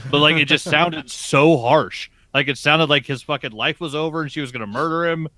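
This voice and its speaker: A man on a geek podcast tells a story in a bright, forceful voice, cursing for emphasis. His mic is close and fully dry. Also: fairly high pitch, moderate pace, dry recording. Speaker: podcast co-host. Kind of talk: casual chat.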